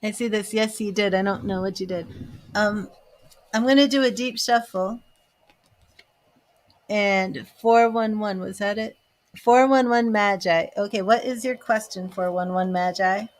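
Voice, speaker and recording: A woman giving live tarot readings, chatting to viewers, reading their questions and turning cards, emotional and chatty. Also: medium pitch. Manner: slow, chatty, emotional, talks to viewers by name. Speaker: tarot reader and psychic.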